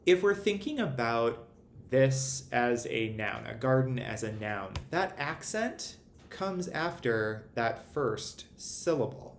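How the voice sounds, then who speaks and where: Male instructor, unhurried and methodical, mid-pitched voice, echoey room with faint background hiss. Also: expressive. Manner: measured, explanatory. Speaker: literacy instructor. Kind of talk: recorded lecture. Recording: roomy echo, faint ambient noise.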